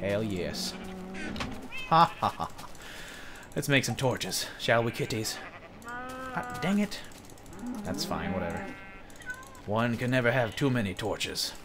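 Excitable let's play gamer, lively voice. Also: deep voice, background noise. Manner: excitable, jumping from yelps to mutters, laughing often. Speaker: gaming commentator.

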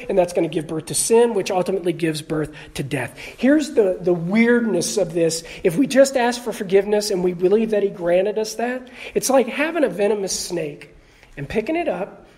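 A man's voice: high voice, animated, brisk, a little mellow. A male pastor giving a conversational sermon in a church, calling on people in the pews by name and asking them questions. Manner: conversational, calls on the congregation with questions and jokes. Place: church sanctuary.

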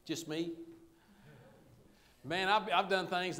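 Man, pastor, sermon, high voice, folksy and joking. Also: steady tone, a little slow, long pauses, pushed and bright. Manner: folksy, conversational preaching with humor.

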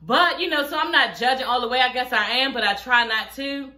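Young woman, sassy and cussing, bright high voice, echoey room. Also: a little fast, a little hiss or hum. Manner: sassy, blunt and profane, laughing through the retelling. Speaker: reality TV recap vlogger. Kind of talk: casual recap chat.

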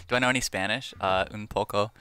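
A man's voice: lowish voice, bright, forceful tone, clean tone. A man livestreaming a game, chatting casually with viewers and goofing around with silly bits. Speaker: streamer.

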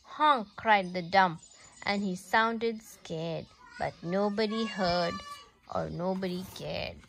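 A woman reading a picture book aloud to her child in a slow, sing-song way, making the animal sounds. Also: lowish voice, vocal fry, slight background noise.

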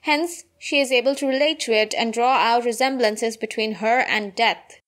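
A woman reading out an analysis of a poem, slowing down for the quoted lines. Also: fairly high pitch. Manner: reads quoted lines slower and softer. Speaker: poetry analysis narrator. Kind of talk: read-aloud literary analysis.

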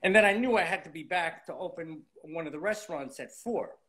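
A man's voice: on the high side, brisk, a bit bright. A man in his late fifties, a guest in an interview, telling his story in a casual way and acting out old conversations as he goes. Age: 50s.

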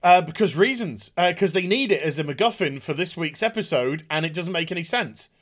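Male review host, high-pitched, scornful, rambling recap. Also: animated, brisk, fairly bright tone. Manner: mocking, exasperated, with hesitant fillers. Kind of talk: sarcastic episode recap.

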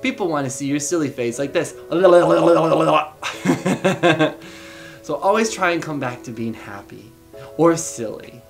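A woman's voice: low voice, animated, takes it slowly, vocal fry, soft background music. A woman hosting a children's bedtime story show, reading picture books aloud in a playful, encouraging way that invites the listener to join in.

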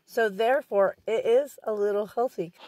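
A woman's voice: medium pitch, normal speed, mellow, no echo. Woman, mom vlogger, chatty, playful, upbeat, sitting in a car. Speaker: vlogger and mother. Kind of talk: casual family vlog chat. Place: in a parked car.

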